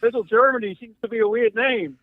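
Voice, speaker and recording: A man with an Australian accent calling in, deadpan and sarcastic. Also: extremely high pitch, fairly quick, no room sound. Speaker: caller. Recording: tinny phone line.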